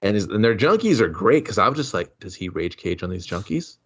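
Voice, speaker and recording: A man's voice: fairly low pitch, very animated, a little fast, husky. A man co-hosting a casual movie review podcast, laying out plot points with quoted dialogue. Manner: laid-back plot recaps with quoted dialogue. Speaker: podcast co-host. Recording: dull, lo-fi sound.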